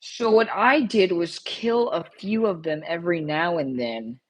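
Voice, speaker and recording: A woman's voice: fairly low pitch, measured pace, rough recording. A woman streamer chatting casually on a live stream, rambling and repeating herself as she talks straight to her viewers.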